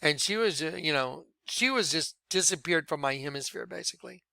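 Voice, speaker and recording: A man preaching and telling his conversion story in an earnest sermon style, dropping to a hushed voice when he quotes. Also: fairly high pitch, animated, a little fast, creaky, clear, resonant tone, no room sound. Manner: earnest, drops to quiet hushed tones when quoting.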